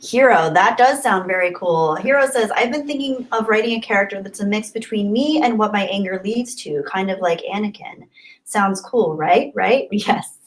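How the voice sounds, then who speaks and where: At a normal pace and in a mid-range voice, a young livestream host reads her chat in an effusive, bubbly way, laughing often. The recording is low quality.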